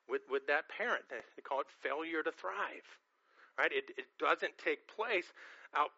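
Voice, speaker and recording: A man with a pushed, bright, somewhat high voice preaches a sermon conversationally, often repeating and restarting words. He sometimes acts out quoted reactions in a changed voice. The recording has no room sound and its highs are cut off.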